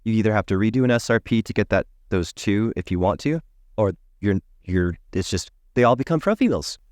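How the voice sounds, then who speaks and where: A man who works as a dental hygienist, a podcast guest telling an animated story and acting out the people in it. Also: fairly low pitch, a little fast, no echo, clean studio sound. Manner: emphatic, acts out the people in his stories.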